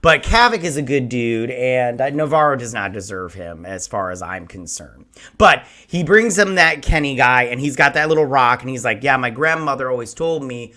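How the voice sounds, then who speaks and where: Bright-voiced man chatting casually. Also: mid-range voice, lively intonation, moderate pace. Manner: rambling, acts out scenes in quoted voices. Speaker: show host and TV reviewer. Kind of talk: casual review chat.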